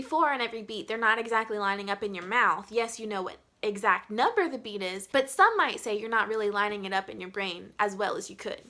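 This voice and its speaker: Young female music teacher, high and bright, chatty explainer who chants the beats. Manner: chatty, demonstrates syllables by chanting them. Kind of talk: explaining rhythm to students.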